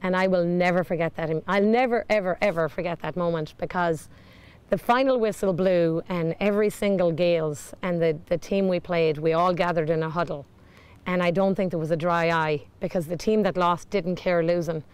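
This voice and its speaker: Woman in an interview, low smooth voice, earnest and heartfelt. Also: normal speed. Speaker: team member.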